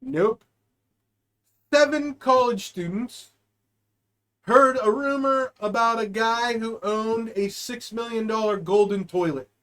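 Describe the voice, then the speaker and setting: A man's voice: very high-pitched, slow, fairly bright tone, clear, resonant tone. A man co-hosting a comedy podcast, chatting casually and jokingly. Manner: joking, does goofy put-on voices. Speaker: podcast co-host.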